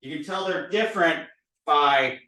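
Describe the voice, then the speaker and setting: With a voice on the high side and a slightly slow delivery, a language teacher leads a recorded lesson on drawing letters. He drills sounds over and over in a playful, animated way, far from the mic in a roomy room.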